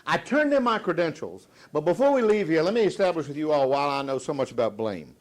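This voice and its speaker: Animated man giving a pep talk. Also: on the high side, fast talker. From Virginia, US. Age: middle-aged. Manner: dramatic swings from loud to hushed, joking, audience call-and-response. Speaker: sales motivational speaker. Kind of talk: live motivational speech.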